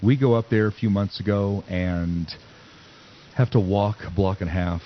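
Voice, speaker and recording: A man's voice: fairly low pitch, moderate pace, dull audio, slight background noise. A man in his fifties hosting a casual podcast chat, a sarcastic joker telling stories. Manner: joking, sarcastic storyteller. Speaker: podcast host.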